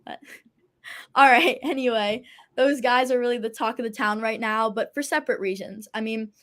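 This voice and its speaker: A woman's voice: a little high, normal speed, a bit bright. A teenage girl hosting a casual sports talk show, chatty and enthusiastic. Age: teens. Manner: chatty and enthusiastic, laughs often. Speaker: host.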